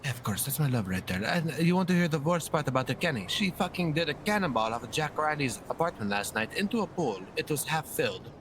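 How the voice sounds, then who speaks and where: A man talking in character in a roleplay game, swearing constantly and rambling excitedly through a story. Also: a little high, fast talker, hardly any pauses, a little hiss or hum.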